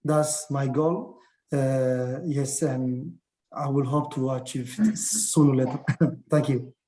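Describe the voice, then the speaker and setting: Halting man with a French accent. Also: medium pitch, steady tone, mellow, roomy sound. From Djibouti. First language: not English. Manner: halting, many restarts and fillers. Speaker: military officer giving a talk. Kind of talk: casual Q&A answer on a video call. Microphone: video call.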